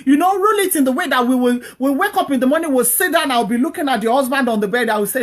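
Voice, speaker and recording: Woman host, higher voice, earnest and preachy, repeats her points. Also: lively intonation, quick pace, hardly any pauses. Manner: earnest, repetitive, exhorting. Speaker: host giving marriage advice. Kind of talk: preachy advice talk.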